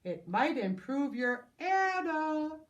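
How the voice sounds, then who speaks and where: A woman's voice: high-pitched, big pitch swings, slow pace, dull audio, full character voice. A woman voicing a flustered male cafe waiter in a storybook, exasperated and scolding.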